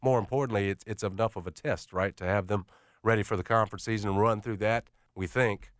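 A man co-hosting a sports talk radio show, giving measured analysis with a few stumbles. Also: lowish voice, fairly even intonation, dry recording, clean studio sound.

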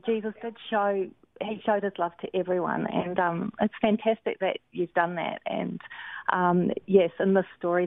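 A woman guest author on a radio show, explaining things in a gentle, careful way. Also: lowish voice, no room sound. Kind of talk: on-air conversation. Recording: tinny phone line.

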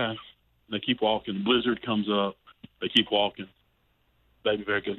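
A man's voice: on the low side, steady tone, brisk, long pauses, dry recording. A man calling in to a radio show to tell a joke in a folksy storytelling way. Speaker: caller. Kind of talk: telling a joke. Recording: tinny phone line.

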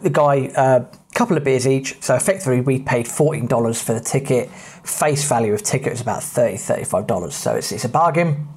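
An English man with a mid-range, slightly mellow, husky voice hosts a podcast. He chats his way through travel anecdotes, full of fillers, in a casual storytelling style.

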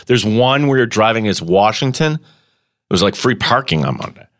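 Low-voiced man, easygoing. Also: expressive, moderate pace. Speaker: co-host. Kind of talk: casual sports radio chat.

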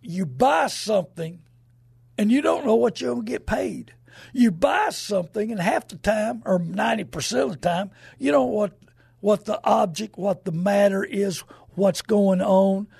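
A man hosts a radio talk show, rambling and emphatic as he acts out the people in his stories. His voice sits high for a man, with a gravelly, husky edge, and the recording is close and dry. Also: animated, moderate pace, darkish tone, no room sound. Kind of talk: folksy radio talk monologue.

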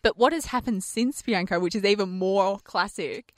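An Australian woman on radio with a mid-pitched voice, wry and teasing as she banters and tells stories. The recording is close and dry. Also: normal speed, no room sound. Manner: wry, teasing, lively storyteller. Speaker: radio host. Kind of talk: breakfast radio banter and storytelling.

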